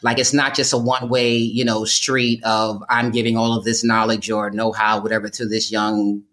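A man hosting a relaxed conversation. He circles his point, restarting sentences and leaning on fillers as he builds toward a question. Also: fairly low pitch. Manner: halting, many restarts and fillers. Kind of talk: casual conversation.

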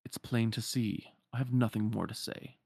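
A man voicing a cold, contemptuous male superior from a game, speaking slowly and clipped. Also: on the low side, steady tone, creaky, dark tone, breathy edge, no echo, studio quality.

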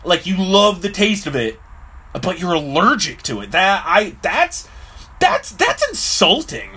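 A man's voice: high-pitched, wildly swooping pitch, unhurried, sharp tone, breathy edge. A man talking casually to camera in a rambling way, full of fillers, acting out little voices as he goes. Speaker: vlogger.

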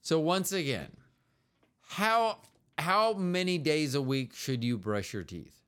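Guy cohosting a chill couples podcast, smooth clear voice, rambly and joking about himself. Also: on the high side, expressive, slow, a bit bright. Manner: rambling, self-deprecating and joking, with many restarts. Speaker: podcast co-host. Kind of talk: casual chat with his partner.

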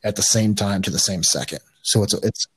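A man's voice: fairly low pitch, a little fast, crowd noise. A man guest on a podcast, telling a story casually in a rambling way, with restarts and swearing.

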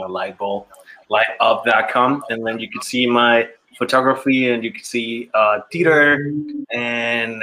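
A man's voice: medium pitch, bright, forceful tone, poor audio. A man from Panama with a Panamanian English accent, a guest on a podcast, telling stories in a casual chat. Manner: chatty storyteller who mimics voices in quotes.

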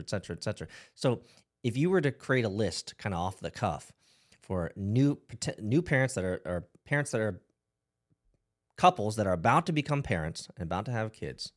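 A man hosting a casual podcast conversation, talking with animation, swearing casually and acting out voices he quotes. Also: sits low.

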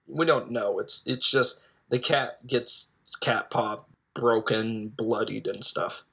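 A film reviewer casually recaps a movie's plot, rambling and hesitating while throwing in jokes. His voice is medium-pitched and a little bright.

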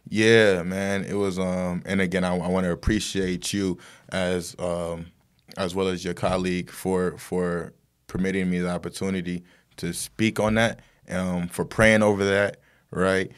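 Man, low voice, casual storyteller, rambling, lots of fillers. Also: little pitch movement, measured pace, clean tone. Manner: rambling, many fillers and tag questions. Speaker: guest.

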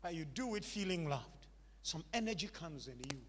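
A man's voice: on the high side, animated, moderate pace, big-room sound, slight background noise. A man preaching a sermon, emphatic and repetitive, calling on the congregation to repeat after him.

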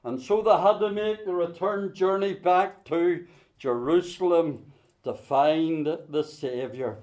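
A man preaching a sermon, booming out scripture, then dropping to a hush to tell a story. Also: slow pace. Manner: swings between loud emphatic scripture quoting and soft hushed storytelling.

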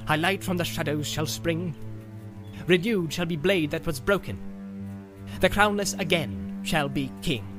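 A man's voice: fairly high pitch, measured pace, over music, pitched above the performer's own voice, close to an everyday voice. A man voicing an elderly male hobbit who recites a poem and then whispers asides. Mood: defiant. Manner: lively, raised, half-whispered asides. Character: fussy elderly male hobbit, proud poet.

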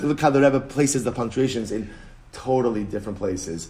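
A man's voice: medium pitch, fairly quick, a little hiss or hum. A man, a rabbi, teaching a Talmud lesson, emphatic and repetitive, mixing in Hebrew and Aramaic terms. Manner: animated, emphatic, repeats phrases, switches between English and Hebrew-Aramaic terms. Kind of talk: Talmud lecture.

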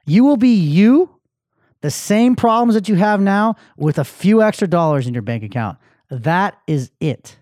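Man, podcast host, candid emotional storytelling, profane, fillers, slightly high voice, dry close sound. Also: lively intonation, a little slow, a little mellow, no room sound. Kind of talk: personal storytelling monologue.

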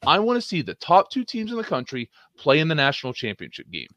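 A man's voice: a little high, huge pitch swings, fast talker, a bit bright, no echo. A man co-hosting a sports talk show, arguing his case with emphatic rhetorical questions and punchy commands. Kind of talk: opinionated sports debate.

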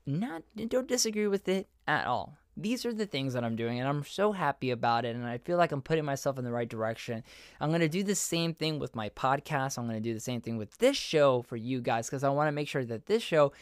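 A man hosting his own podcast, also a voiceover artist, rambles earnestly through a casual solo monologue and keeps correcting himself mid-sentence. His mid-range voice is animated and brisk, with a clean tone. It's a dry, studio-quality recording.

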